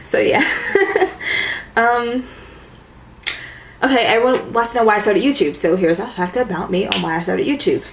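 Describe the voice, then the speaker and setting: A woman's voice: a little high, lively intonation, moderate pace, pauses often, background noise. A young woman chatting casually to camera as a beauty vlogger, with a valley-girl lilt and lots of "like". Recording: echoey room with faint ambience.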